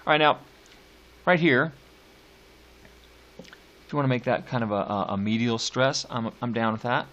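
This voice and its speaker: This recorded poetry lecture features a male teacher who reads slowly, drawing out stresses, and drops casual asides between the lines. His medium-pitched voice is fairly bright, with lively intonation.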